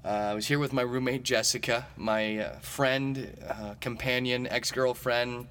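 A man's voice: medium pitch, fairly even intonation, a little slow, fairly bright tone. Comedy podcast host, thirties, male, loose and chatty, middle-range voice, slight noise. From Missouri. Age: 30s. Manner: meandering, jokey, lots of fillers. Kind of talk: casual rambling monologue.

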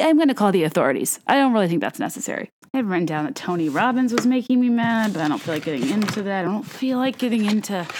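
A young woman hosting a podcast, chatting in a casual, animated rant full of fillers and self-corrections. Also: lowish voice. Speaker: podcast host.

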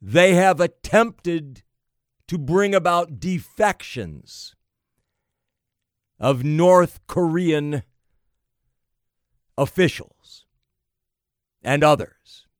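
Guy ranting slow and heavy, kinda high voice, dry close sound. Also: animated, no room sound. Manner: slow, deliberate, piling up emphatic phrases. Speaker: political commentator. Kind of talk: emphatic political monologue.

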